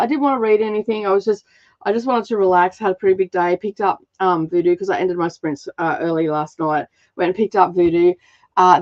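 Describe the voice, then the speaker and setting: A woman's voice: on the low side, a little mellow. Chatty woman host with muffled audio. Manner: chatty and rambling, laughs often, many fillers. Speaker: craft channel host. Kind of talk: casual livestream chat.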